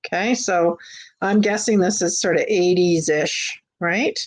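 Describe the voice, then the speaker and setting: A woman hosting a live vintage sale from her home, chatting casually with fillers as she shows each item. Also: lowish voice. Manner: chatty, unhurried, with frequent fillers and restarts. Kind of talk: casual live-stream selling. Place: home on a busy street.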